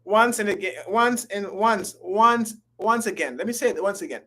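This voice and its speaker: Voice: mid-range voice, sharp tone, low-quality recording. An English teacher giving a live online grammar lesson, repeating phrases and calling out to viewers by name. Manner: repetitive, drawn-out, talks to viewers by name.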